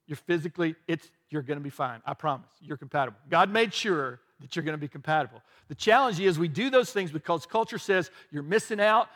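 A man's voice: sits high, fairly bright tone. A male pastor preaching a conversational sermon, candid and self-deprecating, with frequent restarts.

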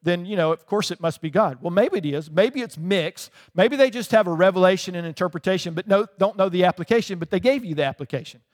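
A man's voice: sits high, expressive, fast talker, few pauses. A man preaching a sermon as pastor, talking in a conversational way and often checking in with his listeners. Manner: conversational preaching with frequent "right?" asides. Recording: long hall reverb.

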